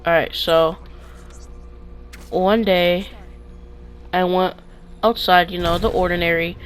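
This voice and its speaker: A young man tells casual stories for his channel, wandering off track and restarting sentences. He gets loud and excited in the retellings. His voice comes through a clip-on mic. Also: high voice, slow pace, slight background noise, rough recording. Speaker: vlogger. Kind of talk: casual storytime.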